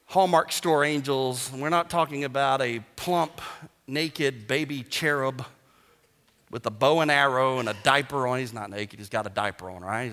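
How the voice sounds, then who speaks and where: A male pastor delivers a sermon in a bright, forceful voice. He preaches emphatically and breaks into joking asides. His voice rings out with a long reverb from a large hall. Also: medium pitch.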